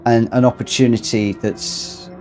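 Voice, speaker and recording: A man with a medium-pitched, expressive, darkish voice commentates live on his own racing game at a measured pace. After a costly mistake he scolds himself, exasperated and rueful, with game music playing behind.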